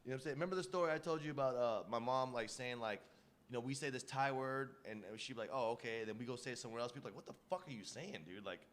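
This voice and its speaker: Talking very fast in a clean, mid-range voice, a male podcast co-host rattles off loose stories full of profanity. It's casual banter punctuated by plenty of laughter.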